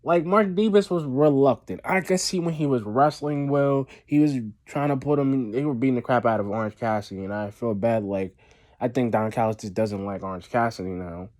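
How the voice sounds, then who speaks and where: A man with a darkish mid-range voice talks fairly quickly while hosting his wrestling review show alone. It's a loose, rambling vlog, repetitive and packed with fillers and false starts.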